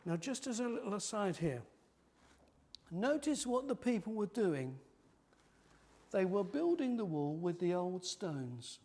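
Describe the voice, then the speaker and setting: A man preaching a sermon in a church, animated and lively, acting out the mockers' voices. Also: sits high, unhurried, long pauses, breathy edge.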